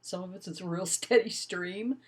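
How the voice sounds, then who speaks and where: Woman, older, lower voice, expressive lecturer, recorded lesson. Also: normal speed. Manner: expressive, demonstrative, lively emphasis. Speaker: college instructor.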